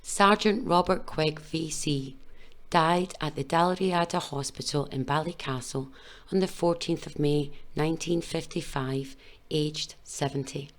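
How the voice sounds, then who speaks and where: A woman giving a measured, solemn scripted documentary narration. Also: sits low.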